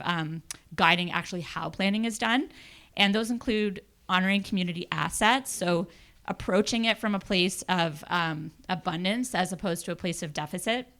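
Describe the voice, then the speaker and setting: A woman's voice: medium pitch, fairly bright tone. A woman presenting a youth project's findings to a city, thoughtful with many fillers. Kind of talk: public presentation.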